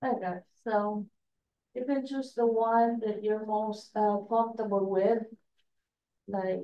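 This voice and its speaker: A woman with a non-native accent presenting at a training session, halting, with many fillers and restarts. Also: medium pitch, fairly even intonation, far from the mic, dull audio, a little hiss or hum. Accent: non-native English accent. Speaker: state education staff trainer. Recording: echoey room, voice from afar.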